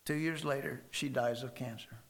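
A man preaching a sermon and telling stories emphatically, with sudden loud stresses and soft drops. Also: mid-range voice, moderate pace.

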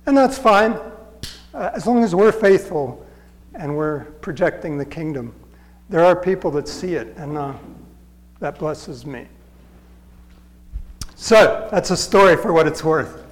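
High-voiced man telling a story in church. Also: animated, big-room sound, poor audio. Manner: conversational, halting, with fillers and restarts. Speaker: preacher. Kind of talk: storytelling sermon.

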